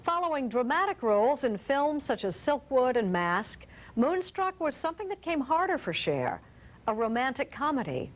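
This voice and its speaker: A woman's voice: sits high, big pitch swings, moderate pace. A woman news program host giving scripted narration with polished broadcast delivery.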